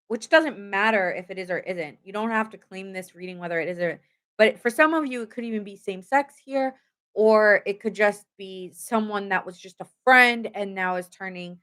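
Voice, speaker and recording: A woman's voice: medium pitch, fairly bright tone. Chatty woman giving a tarot reading. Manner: chatty, lots of "like" fillers, talks straight to viewers. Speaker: tarot reader. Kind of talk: casual live tarot reading.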